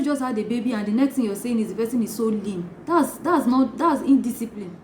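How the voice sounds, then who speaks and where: Woman, higher voice, animated life coach acting out asides, echoey room with faint hiss. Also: brisk, few pauses. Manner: animated, acts out gossip in asides. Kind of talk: motivational teaching talk.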